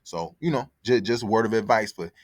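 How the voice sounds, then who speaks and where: A man's voice: lowish voice, fairly quick, dry recording, studio quality. A man telling a story in casual, profane, rambling talk as a podcast host, often repeating himself. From born in Connecticut, raised in Atlanta.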